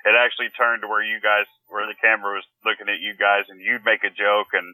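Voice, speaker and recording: A man's voice: lowish voice, flat delivery, quick pace, pushed and bright, dry recording, rough recording. A man co-hosting a casual interview show, bantering loosely and laughing along. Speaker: podcast co-host.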